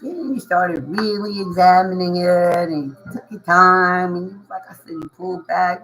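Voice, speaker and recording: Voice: medium pitch, fairly even intonation, normal speed, few pauses, a bit bright, a little hiss or hum, low-quality recording. A tarot reader giving a casual reading to viewers, slangy and reassuring, often repeating phrases and laughing. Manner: reassuring, coaching tone.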